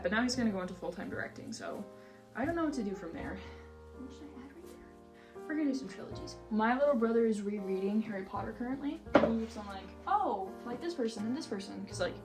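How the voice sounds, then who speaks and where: A young woman vlogger chatting casually and with strong opinions, filling her talk with "like", while she reorganizes a bookshelf at home. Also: mid-range voice. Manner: chatty, heavy use of "like", opinionated rants. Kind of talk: casual chat. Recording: roomy echo, faint music behind.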